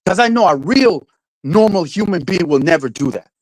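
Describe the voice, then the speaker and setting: A man hosting a livestream, irritated and swearing through rambling rants that keep restarting. His voice sits a bit high for a man, and it is captured dry and close with no room sound. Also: animated, normal speed, no echo, poor audio. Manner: swears constantly, rants and restarts, raises voice when angry. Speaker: livestream host. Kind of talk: casual profane livestream chat.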